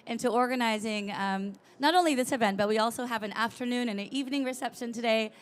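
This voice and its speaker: A woman's voice: a little high, quick pace. A woman moderating a conference panel, introducing speakers with many ums and uhs. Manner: friendly, lots of um and uh fillers.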